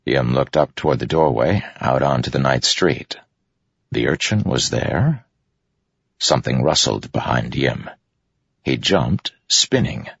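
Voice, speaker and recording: A man narrates a story in a very deep, gravelly voice with lively shifts of pitch. His voice is husky. The recording is dry and slightly muffled. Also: no room sound. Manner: measured, steady storytelling. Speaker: audiobook narrator. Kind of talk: scripted narration.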